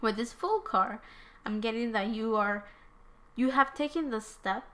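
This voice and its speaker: A woman's voice: fairly high pitch, measured pace, bright, forceful tone. A woman whose first language is Spanish, giving a casual tarot reading. She rambles, corrects herself and uses many fillers. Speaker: tarot reader.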